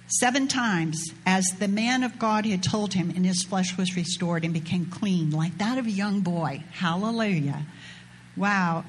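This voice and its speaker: A woman with a medium-pitched voice gives an informal sermon, reading scripture and retelling the story in a chatty way with slang asides. There is a little hiss or hum on the recording.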